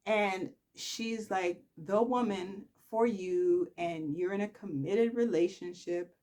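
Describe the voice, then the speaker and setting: A woman's voice: mid-range voice, slow pace, darkish tone. A woman hosting a casual soap-opera recap, chatty and sassy as she tells the story.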